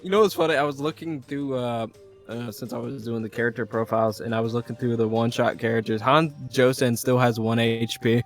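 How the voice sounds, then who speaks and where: A man's voice: medium pitch, steady tone, brisk, soft background music. A man running a tabletop roleplay as game master, explaining things in an amused, offhand way. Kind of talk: casual chat.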